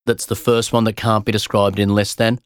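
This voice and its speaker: Low-voiced playful man hosting a podcast. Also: level tone, fairly quick, clean tone, no echo, studio quality. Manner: playful, teasing storyteller. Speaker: podcast host. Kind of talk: casual science chat.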